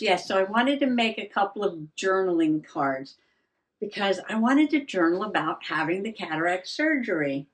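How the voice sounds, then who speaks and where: A woman's voice: lowish voice, a little hiss or hum. An older woman vlogging in a rambling, self-mocking way, laughing often and a little out of breath. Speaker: journaling vlogger. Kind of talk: casual chat.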